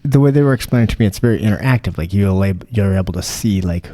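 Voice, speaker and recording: A man's voice: lowish voice, quick pace, warm tone, no room sound. A man hosting a podcast in casual chat. He rambles, swears freely and restarts his sentences. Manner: rambling, profane, many restarts. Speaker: podcast host.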